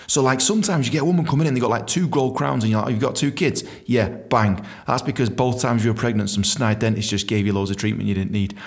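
A man hosting a storytelling podcast, animated, swearing freely and acting out quotes. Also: medium pitch, fast, vocal fry, hardly any pauses. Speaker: podcast host.

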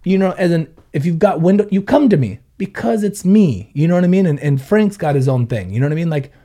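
A man's voice: on the high side, lively intonation, brisk, warm tone. A man in his thirties from Southern California who owns a car audio shop, chatting casually with blunt, profane storytelling and quoted back-and-forth. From Ventura County, California. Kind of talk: casual podcast chat.

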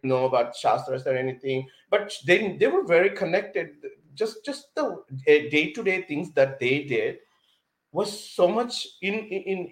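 A man, a podcast guest telling his life story in an animated way, full of fillers and restarts. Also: fairly high pitch. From India. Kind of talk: personal storytelling in conversation. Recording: roomy echo.

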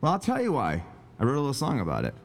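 A man's voice: mid-range voice, huge pitch swings, very fast. A man hosting a podcast in a casual, rambling, jokey way, talking from home. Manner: rambling, jokey, self-interrupting. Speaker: podcast host. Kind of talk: casual comedic chat. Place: home, indoors.

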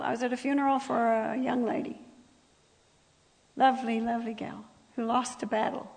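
A woman with a croaky voice giving a sermon in a church, talking to the audience in a conversational way with asides. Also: on the high side, little pitch movement, moderate pace, darkish tone, big-room sound, rough recording. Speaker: speaker at a church service. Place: church hall.

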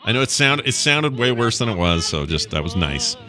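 Male podcast host, bright voice, animated, joking, casual chat. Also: fairly low pitch, fairly quick, soft background music. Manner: joking, rambling, shouts at times for comic emphasis. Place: studio, chewing jerky on air.

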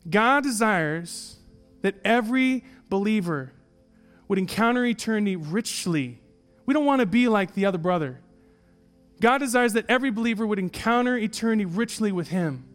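A man's voice: sits high, lively intonation, normal speed, soft background music. A man preaching a sermon in a church and reading an allegory aloud, earnest and emphatic, repeating his key lines. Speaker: pastor.

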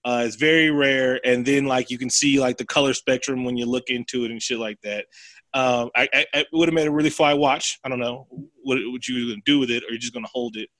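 A man with a bright, forceful voice tells a film's story in loose, profane chat. He slips into the characters' lines as he goes. The sound is dry and close. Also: medium pitch, quick pace, dry recording. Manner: animated, profane storytelling with acted quotes. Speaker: podcast co-host. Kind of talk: casual chat, retelling a film plot.

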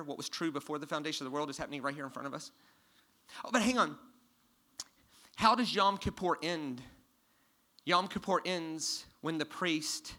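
Bright, high-voiced male preacher. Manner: questions the congregation, swings from loud emphasis to hushed. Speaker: pastor. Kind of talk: sermon. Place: church stage before a congregation.

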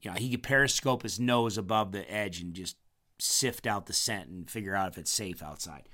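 A man telling a rambling story in a casual chat, his voice strained after hurting his vocal cords, clearing his throat often. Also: lowish voice, moderate pace, sharp tone.

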